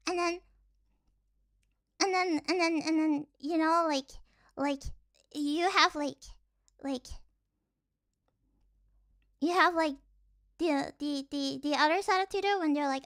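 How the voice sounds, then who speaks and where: A young woman with a strikingly high, almost childlike voice chats loosely on a stream. She rambles, leans hard on "like" and restarts her sentences, and keeps a playful, teasing edge. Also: slow pace, pauses often, fairly bright tone. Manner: rambling, heavy use of "like", many restarts; mocking and playful. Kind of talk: casual stream chat.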